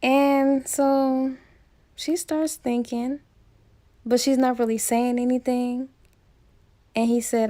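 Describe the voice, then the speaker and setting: A woman's voice: sits high, flat delivery, slow pace, long pauses, dark tone. A woman casually retelling a romance novel's plot as a book reviewer, chatty and full of asides.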